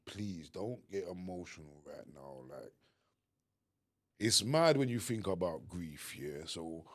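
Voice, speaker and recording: A man co-hosting a podcast, talking earnestly and emphatically with halting restarts. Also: low-pitched. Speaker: podcast co-host. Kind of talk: candid conversation.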